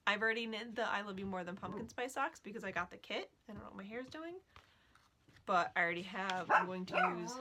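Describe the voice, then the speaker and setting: A woman's voice: medium pitch, noisy background. A woman chatting casually at home as a knitting vlogger, gushing about what she loves and breaking off to scold her dogs. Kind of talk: casual chat.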